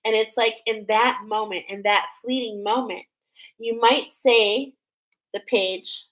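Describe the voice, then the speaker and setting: A woman reading oracle cards for her viewers, speaking softly, emotional and tearful at times. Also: on the high side, fairly even intonation, slow pace, low-quality recording. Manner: emotional, tearful, soft-spoken. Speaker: oracle card reader. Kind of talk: spiritual card reading vlog.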